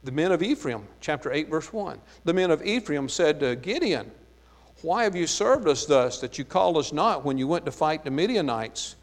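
A man's voice: on the high side, sing-song, normal speed. A man with a light Southern US accent teaching a Bible study sermon. He reads verses aloud and then explains them, with frequent "uh, there" fillers. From American South. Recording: long reverb of a hall.

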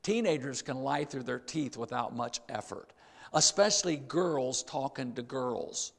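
A man's voice: mid-range voice, animated, unhurried, creaky, a bit bright, in a large hall. An older man preaching a sermon, emphatic, repeating key phrases and speaking straight to the congregation.

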